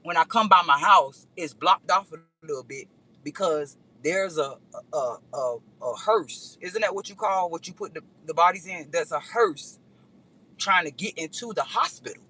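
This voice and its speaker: A woman's voice: lowish voice, normal speed, husky, low-quality recording. A woman vlogger telling a rambling story in a casual chat, speaking straight to her viewers. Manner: animated, rambling, addresses viewers directly.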